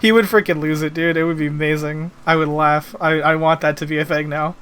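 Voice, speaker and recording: A male game streamer riffing casually, joking and rambling with slang and fillers. His voice is bright and sits fairly high, and faint music plays underneath. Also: steady tone, brisk, clean tone. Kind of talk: casual gaming stream commentary.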